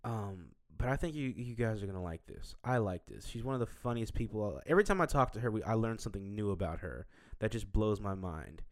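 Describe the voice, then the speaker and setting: A man's voice: on the low side, lively intonation, fairly quick, few pauses. A man hosting a casual interview, playful and teasing, often laughing. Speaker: podcast host.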